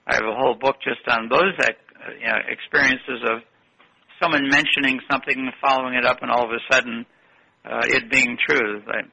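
A man's voice: medium pitch, fairly even intonation, fairly quick, gravelly, sharp tone, slightly rough, rough recording. An older man telling long, rambling stories in an interview and correcting himself as he goes. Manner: rambling, anecdotal, self-correcting. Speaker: guest. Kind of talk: interview storytelling.

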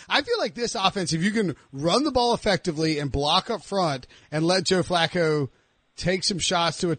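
A man's voice: on the high side, fairly bright tone, no room sound. A man hosting a sports podcast, asking eager, rambling questions in casual talk. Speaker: podcast host.

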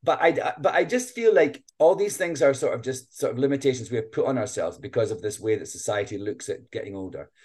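A man's voice: medium pitch, fairly quick, hardly any pauses, darkish tone. A man in his late fifties, a guest performer, musing chattily in an interview over a video call, often laughing. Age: 50s. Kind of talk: casual interview chat.

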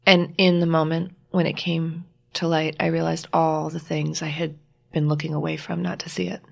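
Low gravelly-voiced woman telling a story. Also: little pitch movement. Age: adult, married with a child. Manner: reflective, halting, restarts and quoted dialogue. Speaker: guest author. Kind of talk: personal storytelling in interview.

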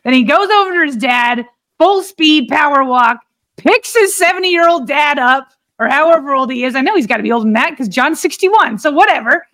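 A woman's voice: high-pitched, lively intonation, a little fast, a bit bright. A woman co-hosting a casual sports podcast, talking earnestly and rambling with lots of restarts. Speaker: podcast co-host.

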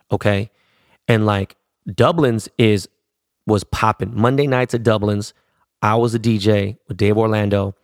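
A man's voice: on the low side, vocal fry, dry recording, clean studio sound. A middle-aged man from Los Angeles telling a rambling story in casual, slangy talk, swearing constantly.

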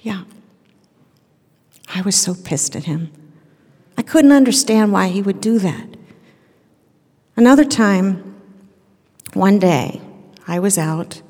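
A middle-aged woman telling a true personal story on stage, earnest and emotional, sometimes dropping to a hush. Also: mid-range voice, animated, slow pace, pauses often. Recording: long reverb of a large hall.

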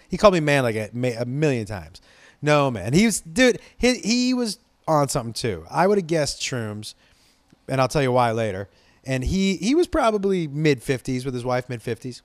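A man's voice: mid-range voice, a little fast, dry recording. A man from Los Angeles telling a casual, rambling story, swearing freely and restarting his sentences as he goes. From Los Angeles, USA. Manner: rambling, profane, excitable.

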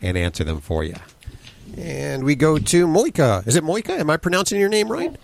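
A man hosting a radio show, chatty and lively as he reads out listener questions and takes calls. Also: fairly high pitch, a little fast, creaky. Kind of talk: casual radio chat.

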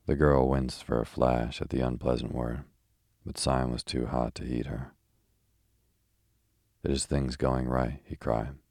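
A man reading a classic novel aloud in a slow, even, rhythmic bedtime style. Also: very deep voice, creaky, dry recording, studio quality. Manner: even, measured delivery. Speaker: audiobook narrator.

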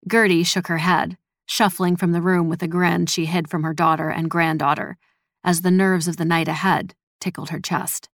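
Low gravelly woman narrating. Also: flat delivery, moderate pace, no echo, clean studio sound. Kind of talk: scripted audiobook narration.

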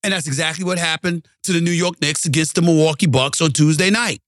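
Heated sports-show host, ranting. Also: male voice, fairly high pitch, fast, a bit bright, dry recording, clean studio sound. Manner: emphatic, heated, repeats for emphasis. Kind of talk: ranting sports commentary monologue.

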